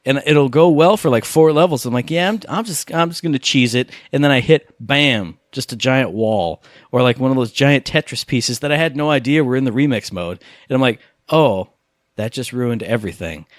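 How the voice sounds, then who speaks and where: Male podcast co-host, mid-range voice, dry close sound, excitable rambler. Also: mid-range voice, moderate pace, no room sound. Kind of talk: casual gaming chat.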